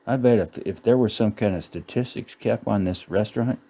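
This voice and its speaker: A man's voice: fairly low pitch, brisk, mellow. A middle-aged man ranting sarcastically about a menu, cursing and laughing at his own jokes. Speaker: channel host. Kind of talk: casual ranting commentary.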